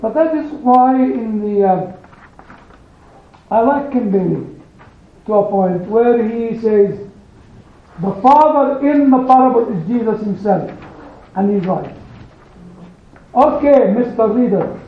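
Animated, emphatic man in an echoey room. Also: sits high. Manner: animated, emphatic, pauses to stress single words. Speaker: teacher leading a Bible study group. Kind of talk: storytelling to a small group. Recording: echoey room on a phone-like recording.

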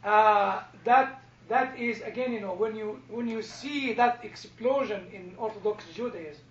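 Non-native english guy talking slow and halting, repeats himself, dull lo-fi sound. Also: high voice, a bit bright. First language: not English. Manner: halting, repeats words when starting. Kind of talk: casual group discussion. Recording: echoey room, dull lo-fi sound.

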